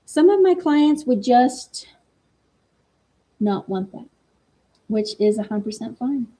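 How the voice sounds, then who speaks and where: A woman's voice: fairly high pitch, expressive, takes it slowly, mellow. A middle-aged woman, a life coach and energy healer, casually telling a story and acting out the quoted dialogue. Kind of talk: casual talk stream.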